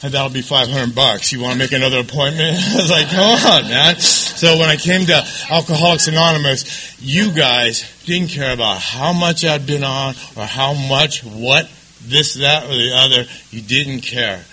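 A man sharing his own story of recovery with a live audience, confessional and self-mocking, swinging between hushed, quiet passages and loud laughing ones. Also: medium pitch, moderate pace, a little hiss or hum, low-quality recording.

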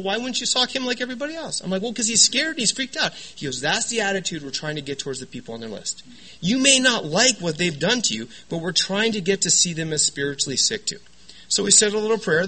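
A man tells his recovery story to a meeting crowd. His voice sits a bit high and sounds bright and forceful, and he keeps it animated with quips and asides to the listeners. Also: low-quality recording. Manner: animated, joking storyteller with lots of "right?" and "you know". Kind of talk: personal testimony talk. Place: meeting room with an audience.

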